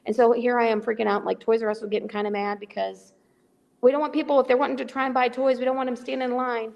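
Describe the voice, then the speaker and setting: Gravelly middle-aged woman on a remote call. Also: fairly high pitch, fast talker, long reverb tail, lo-fi sound. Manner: animated, acts out dialogue in quotes. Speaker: guest, charity volunteer. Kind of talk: casual storytelling on a call-in podcast.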